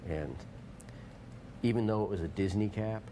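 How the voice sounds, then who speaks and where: A man's voice: on the low side, moderate pace, dark tone, a little hiss or hum. A man hosting a local TV show, rambling and joking in casual chat and slipping into playful put-on voices. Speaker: TV show host.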